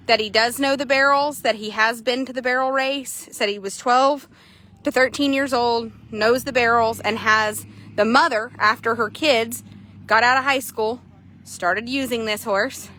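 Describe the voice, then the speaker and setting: A young woman horse trader chatting casually outdoors at an arena, quick and loose, swearing now and then. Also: on the high side, bright, forceful tone, a little hiss or hum. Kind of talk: casual narration while riding.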